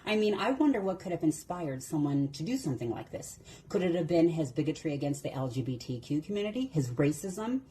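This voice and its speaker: A woman answering clips with mocking, sarcastic commentary. Her voice is a little low and mellow, over a faint noise floor. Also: sing-song, fairly quick, few pauses. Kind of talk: reaction commentary.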